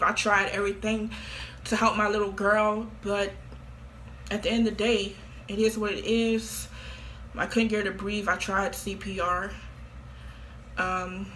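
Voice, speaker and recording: Woman vlogger, casual and offhand, slangy and repetitive, with a bright edge. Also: mid-range voice, slight background noise. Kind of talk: casual confession to camera.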